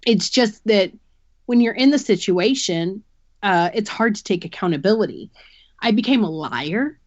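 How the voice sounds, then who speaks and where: A woman's voice: medium pitch, lively intonation, moderate pace, dry recording, dull audio. A woman guest on a podcast, giving a candid personal account and explaining things earnestly through long analogies.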